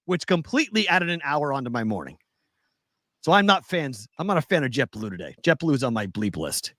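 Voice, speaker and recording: A man's voice: fairly high pitch, sing-song, fairly quick, fairly bright tone, no room sound. A man co-hosting a casual chat show, telling a story with animation and acting out both sides of the conversation. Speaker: podcast co-host.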